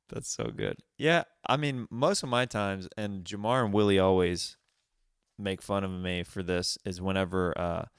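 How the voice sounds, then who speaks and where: A man's voice: low voice, a little slow, smooth, no echo, clean studio sound. A man hosting a comedy podcast, telling stories about himself in a rambling way with many restarts. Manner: rambling, restarts, self-deprecating. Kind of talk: casual podcast chat.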